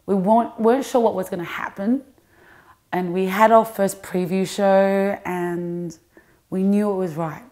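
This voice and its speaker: An actress and comedian talking casually and animatedly in an interview, with quick restarts. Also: female voice, mid-range voice. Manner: animated, restarts, laughs often.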